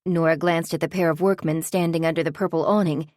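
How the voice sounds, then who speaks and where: A woman narrating a novel in a steady, even audiobook reading. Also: low-pitched, quick pace, dry recording, studio quality.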